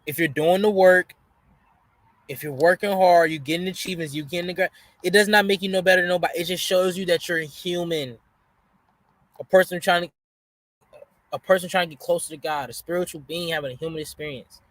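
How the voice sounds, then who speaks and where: A man's voice: high voice, steady tone, brisk, fairly bright tone, no room sound. Slangy man giving motivational commentary. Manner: preachy, slangy, motivational asides. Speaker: reaction video host. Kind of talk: casual commentary.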